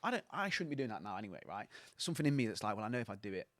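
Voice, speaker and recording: A man's voice: lowish voice, sing-song, very fast, fairly bright tone, no echo. A man, a coaching mentor, giving blunt, sweary, sarcastic advice as a guest on a casual podcast.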